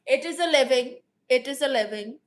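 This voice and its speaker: A woman comedian voicing a brash, self-assured customer-service rep who calls everyone baby, in a deadpan improvised livestream. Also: high-pitched, normal speed, natural voice.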